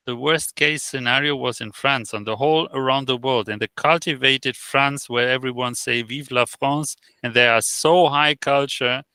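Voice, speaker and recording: Gravelly, bright-voiced man telling stories. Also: medium pitch, no echo. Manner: halting, with many fillers and restarts; animated storyteller who acts out quoted exchanges. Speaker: interview guest. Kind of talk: casual interview chat.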